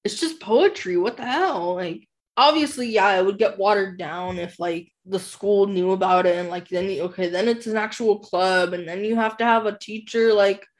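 A woman's voice: medium pitch, moderate pace, few pauses. Chatty woman recapping a book. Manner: rambling plot recap full of "like" fillers. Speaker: podcast co-host. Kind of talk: casual book discussion.

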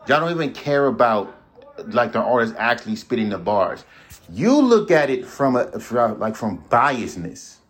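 A man's voice: medium pitch, big pitch swings, moderate pace. Blunt, profane man ranting solo. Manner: blunt, profane, repeats himself. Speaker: podcast host.

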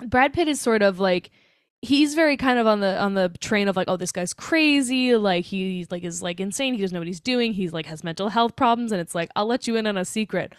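A woman's voice: mid-range voice, animated, fairly quick, smooth, dry recording, studio quality. A young woman co-hosting a podcast, recapping a film in casual chat with sarcastic asides and lots of fillers. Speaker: podcast co-host.

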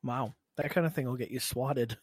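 A man's voice: medium pitch, slightly rough, dry recording, studio quality. A man co-hosting a gaming podcast, chatting casually and joking as he goes. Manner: joking, quick to laugh. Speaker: podcast co-host. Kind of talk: casual chat.

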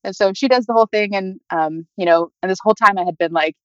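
Fast-talking young woman telling her story. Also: mid-range voice, a bit bright, dry recording. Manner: chatty, many fillers like "like" and "you know". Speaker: interview guest. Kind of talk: personal storytelling. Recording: dull, dry lo-fi audio.

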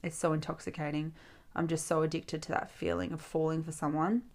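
A woman's voice: sits low, little pitch movement, fairly quick, a little mellow. A young woman, hosting a casual solo podcast. She tells a personal story in a chatty way, swears freely and acts out her friends' lines. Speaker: podcast host.

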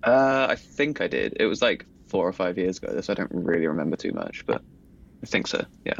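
Man, gravelly voice, wildly swooping pitch, hesitant casual chat. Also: huge pitch swings, brisk, dull audio. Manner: hesitant, laughs a lot. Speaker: podcast guest.

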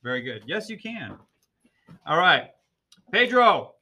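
Upbeat high-voiced male teacher. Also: very animated, slow, pushed and bright. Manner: upbeat, coaxing, laughs often. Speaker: ESL teacher hosting a class show. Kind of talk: casual classroom podcast. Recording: noisy mic with clicks.

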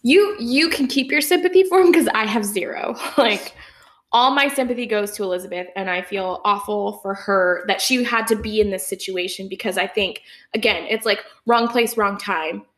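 A woman's voice: mid-range voice, moderate pace, roomy sound. A young woman co-hosting a podcast, chatting casually and indignantly, with lots of filler words. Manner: animated, indignant, many fillers. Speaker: podcast co-host. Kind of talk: casual chat.

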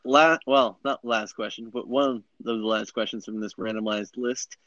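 A man's voice: on the low side, fairly even intonation, moderate pace, fairly bright tone, dry recording. A young man hosting a podcast, reading questions in a playful, amused way and laughing often. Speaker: podcast host, interviewer. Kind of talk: casual podcast interview. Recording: dry dull lo-fi recording.

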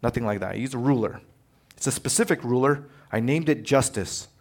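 A man preaching a sermon as pastor, animated and conversational, acting out quotes as he tells stories. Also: medium pitch, a little fast. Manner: animated storytelling, acts out quotes.

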